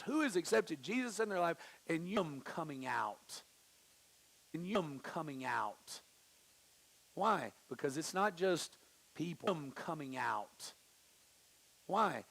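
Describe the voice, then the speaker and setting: A man preaching a sermon in church, casual and conversational, acting out the people he quotes with big swings in pitch. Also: animated, measured pace, creaky. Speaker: pastor. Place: church sanctuary.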